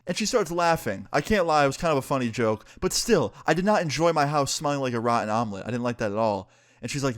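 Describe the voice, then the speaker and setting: A man telling a personal story in a casual story-time vlog, animated and full of swearing. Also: mid-range voice, quick pace.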